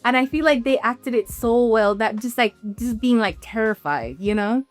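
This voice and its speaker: A woman from Jamaica chatting casually in a reaction video, animated and emphatic, repeating phrases. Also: a little high, moderate pace, no room sound, faint music behind.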